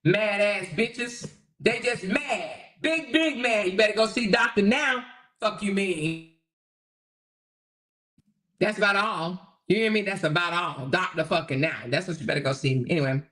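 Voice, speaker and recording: A woman's voice: mid-range voice, a little slow, fairly bright tone. A woman hosting a livestream, ranting combatively at her viewers and swearing heavily. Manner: brash, combative, heavy swearing; addresses viewers directly with repeated "okay?". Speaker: livestream host. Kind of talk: profane live-stream rant.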